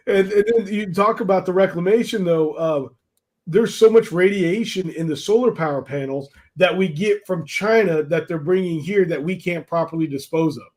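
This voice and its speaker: A man's voice: high-pitched, normal speed, darkish tone. Rambling, filler-heavy male podcast co-host. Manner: rambling, storytelling, many fillers. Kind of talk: casual chat.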